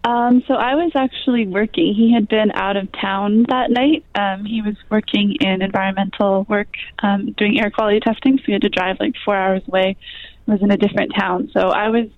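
A woman in her twenties, a guest in an interview, speaking softly with many ums and likes. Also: mid-range voice, fairly even intonation, brisk, no room sound, narrow, tinny audio. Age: 20s. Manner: soft-spoken, frequent ums and likes. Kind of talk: interview conversation.

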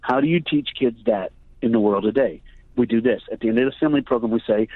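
A man's voice: medium pitch, quick pace, dry recording. A man who speaks at school assemblies, telling stories in an earnest, preacherly way as a guest on the phone. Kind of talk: storytelling on a phone interview. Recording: tinny phone line, dry.

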